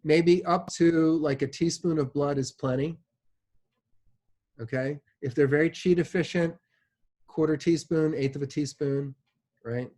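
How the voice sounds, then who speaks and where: A man's voice: fairly high pitch, steady tone, a little slow, long pauses, dark tone. A man giving a classroom lecture in a casual, chatty way, often checking in with "right?" and using many fillers like "like" and "you know". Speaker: instructor.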